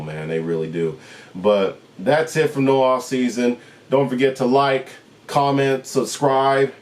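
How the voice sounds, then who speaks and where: A man hosting his own channel, giving a solo sports recap and ranting through rhetorical questions. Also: fairly low pitch.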